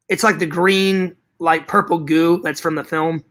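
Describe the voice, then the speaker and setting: A man's voice: on the high side, normal speed, few pauses, pushed and bright. A man hosting a casual livestream chat, reading viewer comments aloud and rambling, repeating himself and swearing freely.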